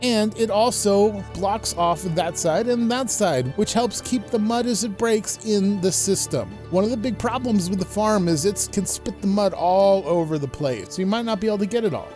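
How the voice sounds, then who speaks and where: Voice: mid-range voice, normal speed, few pauses, darkish tone, soft background music. A Minecraft creator narrating a gameplay tour and walking through builds step by step in a voice-over.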